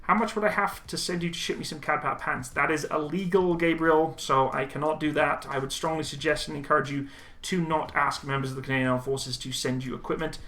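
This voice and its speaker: A young man casually reading and answering viewer chat on a live stream, relaxed and chatty with frequent ums and laughs. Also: on the high side, a little fast, few pauses.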